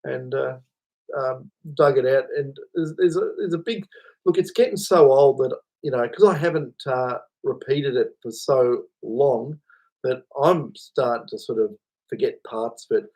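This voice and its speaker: A man's voice: medium pitch, unhurried, a little mellow. A man hosting a casual livestream, rambling, chuckling and answering chat comments. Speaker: livestream host.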